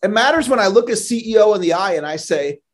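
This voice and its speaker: A man's voice: sits high, animated, fast. A man speaking as a sales trainer in a podcast interview, earnest and motivational, often repeating a word as he starts a thought.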